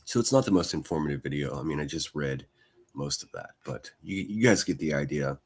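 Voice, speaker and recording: A man's voice: very deep voice, lively intonation, a little fast, a little mellow, breathy edge. A man hosting a daily news livestream, chatting casually and rambling through the stories with repeated words and the odd swear. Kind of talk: casual commentary over news clips.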